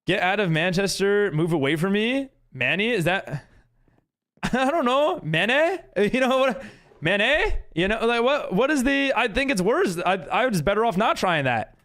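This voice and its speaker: A man's voice: high-pitched, expressive, normal speed, fairly bright tone. A man streaming a game live, chatting casually with viewers and reading chat aloud in a rambling way full of fillers.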